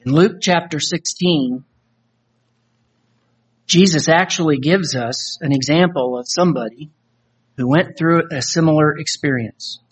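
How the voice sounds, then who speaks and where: Slow earnest male preacher. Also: fairly high pitch, husky. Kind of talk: sermon with recited dramatic poem.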